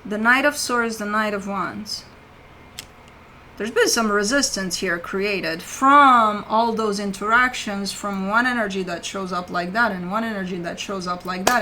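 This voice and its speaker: A woman's voice: mid-range voice, sharp tone, slight background noise, low-quality recording. A woman giving a casual weekly tarot reading as the host, swearing freely and chatting loosely as she lays out cards. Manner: swears casually, talks to her pet between cards. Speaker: tarot reader.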